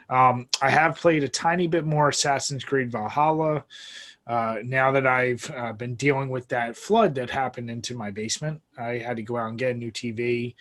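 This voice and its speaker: A man's voice: mid-range voice, fairly bright tone. Laid-back swearing male podcast host. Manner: laid-back, swears freely, laughs often. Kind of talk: casual chat.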